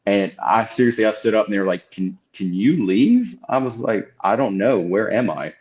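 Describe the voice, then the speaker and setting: A young adult man on a podcast telling stories in an animated way and acting out what people said. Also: on the low side, fairly quick. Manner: animated storyteller, acts out quotes. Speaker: podcast co-host. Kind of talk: casual chat, storytelling. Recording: dull lo-fi audio.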